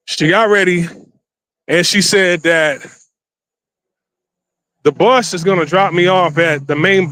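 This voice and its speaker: A man telling a dating story in a casual, slangy, animated way, filming himself on a handheld phone while walking around a city. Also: a little high, no room sound. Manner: animated, slangy, acts out quotes. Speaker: vlogger. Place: outdoors in a city. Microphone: handheld phone camera.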